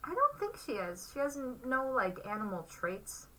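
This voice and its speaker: A woman's voice: sits high, very animated, normal speed, bright, forceful tone, distant mic, a little hiss or hum, low-quality recording. A woman co-hosting a casual chat show, playful and teasing, often laughing. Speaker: podcast co-host.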